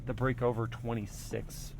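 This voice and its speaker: A man reviewing a pickup truck, casually explaining what he does as he drives it slowly along an off-road trail. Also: medium pitch. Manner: relaxed, explanatory, thinking aloud. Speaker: car reviewer. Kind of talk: casual driving commentary. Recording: vehicle noise clearly heard. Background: engine and trail noise.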